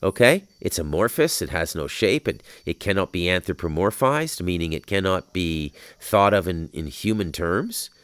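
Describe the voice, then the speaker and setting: Speaking from an outdoor patio, a male podcast host with a deep, expressive voice runs through a spiritual monologue at normal speed with few pauses. It rambles, it's profane, and it erupts into heated outbursts, all captured in a dry recording.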